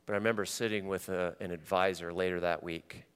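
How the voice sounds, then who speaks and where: A man preaching a sermon to a congregation, swinging from loud animated stretches to quiet, intimate ones. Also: sits low, fairly quick, clean tone, big-room sound. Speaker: pastor.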